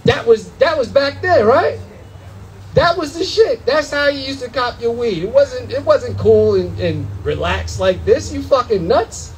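A young man tells stories on a comedy club stage, loud, animated and full of profanity. His voice sits high for a man, and he acts out other people's voices as he goes. A faint room ambience hums behind him. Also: a little slow, a little hiss or hum, poor audio. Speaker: stand-up comedian. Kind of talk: stand-up comedy set.

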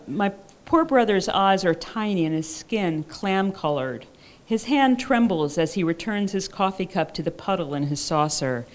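A woman's voice: on the low side, lively intonation, normal speed, some chatter behind. A woman author reading her own fiction aloud at a live writers' conference, in a dry, wry first-person voice.

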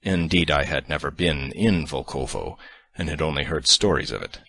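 A man reading an audiobook in a measured, sardonic first-person narration. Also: extremely low pitch, gravelly, bright, forceful tone, no room sound.

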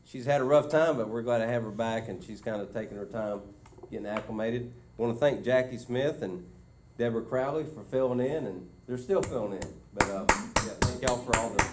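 A man's voice: mid-range voice, a little fast, music in the background. A man, a school superintendent giving his report at a board meeting in a casual, filler-heavy way. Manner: conversational, many fillers and restarts. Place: meeting room.

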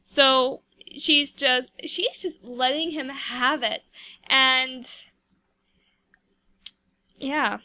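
A woman's voice: sits high, drawn-out words, long pauses, pushed and bright, no echo. A woman giving casual, rambling commentary over a life-sim game, chatty and full of fillers. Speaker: gameplay video host.

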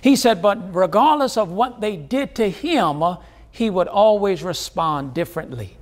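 A man's voice: sits high, lively intonation, a little slow. A man preaching a sermon as pastor, driving points home with repeated phrases and questions to the congregation.

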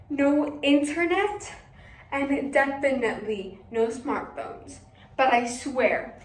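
Teen actress as a giggly gossiping teenage girl. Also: high voice. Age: teens. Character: chatty teenage girl amused by her family. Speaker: student actor. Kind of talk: stage monologue. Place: school stage. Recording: echoey hall from far off, faint ambient noise.

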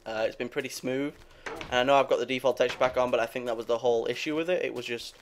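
A man's voice: mid-range voice, fairly even intonation, quick pace, a little hiss or hum. A young man giving rambling, casual commentary while playing a game, swearing freely and talking to his viewers. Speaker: gaming video creator.

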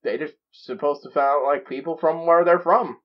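A man's voice: on the high side, steady tone, moderate pace, lo-fi sound. A man hosting a reaction video, talking in a giddy, rambling way full of stammered restarts. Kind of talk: excited reaction commentary.

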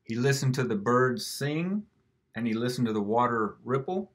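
A man gently reading a picture book aloud to children, with an expressive storytelling manner. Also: medium pitch, normal speed, a little hiss or hum.

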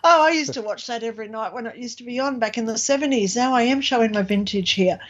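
A chatty woman in her fifties with a high voice, talking animatedly and leaning on fillers. The audio is dull and lo-fi. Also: fast talker. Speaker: co-host. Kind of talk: casual chat.

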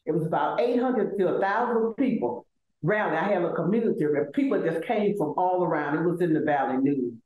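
An older woman from Selma, Alabama with a Southern accent, speaking as a guest in an interview, animated and emphatic, often repeating words as she builds a point. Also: fairly low pitch, brisk, phone-quality sound. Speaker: law school administrator, guest. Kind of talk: conversational interview. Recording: echoey room.

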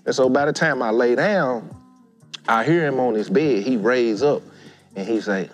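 Man in his thirties; lively podcast storyteller who does voices for everyone; faint music bed. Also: medium pitch, moderate pace. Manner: animated, acts out quoted voices. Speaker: guest storyteller. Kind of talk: casual storytelling.

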